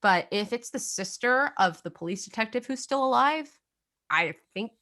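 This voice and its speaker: A woman's voice: fairly high pitch, animated, normal speed, sharp tone. A young adult woman co-hosting a casual true-crime podcast, chatty and full of fillers, laughing now and then. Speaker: podcast co-host.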